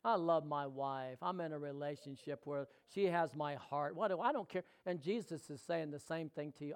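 A male pastor preaching a sermon, swinging between loud exhortation and hushed, intimate talk and putting questions straight to the congregation. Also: a little high, moderate pace, few pauses, smooth.

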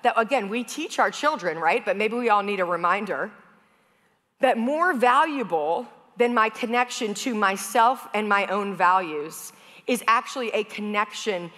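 A woman's voice: mid-range voice, lively intonation, moderate pace, fairly bright tone. A woman pastor giving a conversational sermon, telling stories in a chatty way with casual fillers. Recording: long hall reverb.

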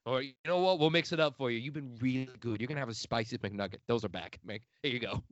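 A man's voice: mid-range voice, fast, dry recording. A man with a Midwestern accent, hosting a podcast in casual chat, swearing freely and laughing often. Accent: Midwestern American. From outside Chicago. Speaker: podcast host. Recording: dry, muffled lo-fi audio.

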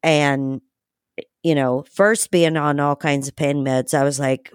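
A woman's voice: deep voice, fairly even intonation, measured pace, clean tone, no room sound, clean studio sound. A woman hosting a podcast, chatting frankly and casually, with casual swearing. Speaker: podcast host.

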